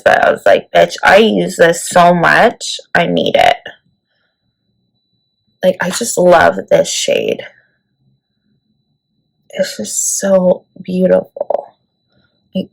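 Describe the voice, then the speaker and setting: Chatty woman with a creaky voice. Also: lowish voice, rough recording. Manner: chatty, peppered with "like" and "let me tell you". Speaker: beauty vlogger. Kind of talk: casual makeup tutorial.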